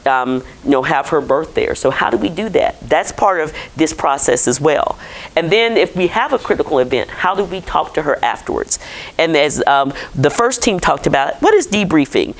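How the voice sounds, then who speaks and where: A woman's voice: low-pitched, low-quality recording. A woman physician giving a conversational conference lecture and putting questions to the audience. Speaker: physician presenting to clinicians.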